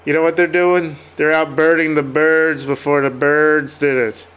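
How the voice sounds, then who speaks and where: A man's voice: fairly high pitch, little pitch movement, moderate pace, fairly bright tone, clean tone. A man co-hosting a podcast, talking in a loose, wry and joking casual chat. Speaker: podcast co-host.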